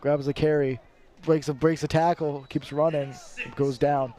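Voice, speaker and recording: A man's voice: a little high, little pitch movement, a little slow, dark tone. A man giving casual color commentary on a live college football game, often repeating words as he talks. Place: outdoor football stadium broadcast booth.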